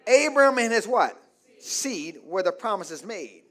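A man preaching a call-and-response sermon as pastor, calling for amens, prompting the congregation to fill in words and building to shouts. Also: high voice, very animated, takes it slowly. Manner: preaching with calls of "say amen, somebody" and rising shouts. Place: church.

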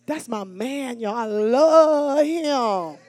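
A woman preacher delivers an animated sermon. She calls out to the congregation, swinging from shouts down to near-whispers. Her voice sits high, and the sound is dry and close with little room echo. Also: very slow. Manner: animated and call-and-response, swinging between shouts and hushed asides.

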